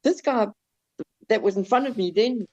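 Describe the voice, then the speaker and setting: A man with a South African accent, casually telling a story on a podcast, animated, swearing and stumbling over his words. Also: high-pitched, normal speed. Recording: slightly dull lo-fi sound.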